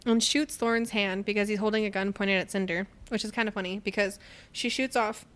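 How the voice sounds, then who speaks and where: A young woman co-hosting a casual book podcast, retelling scenes with lots of laughter and acted-out quotes. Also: medium pitch. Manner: animated storytelling, quick to laugh, acts out quotes. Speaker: podcast co-host.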